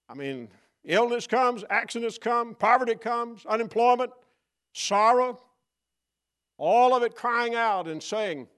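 A man preaching a sermon in a church, dramatic, dropping to a hush and then rising loud, acting out mocking voices. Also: high-pitched, animated, unhurried. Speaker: guest preacher. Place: church sanctuary.

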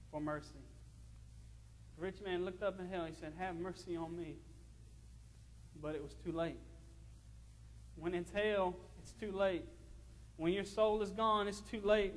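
Male pastor, very high voice, fervent repetitive preaching, echoing church sanctuary. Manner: fervent preaching, repeats phrases, reads scripture aloud. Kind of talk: sermon. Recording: long hall reverb.

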